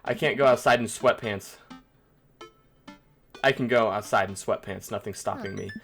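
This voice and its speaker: A man's voice: on the low side, normal speed, gravelly, a bit bright, faint music behind. A man voicing a laid-back, goofy dad as the player character in a dating game, easygoing and jokey.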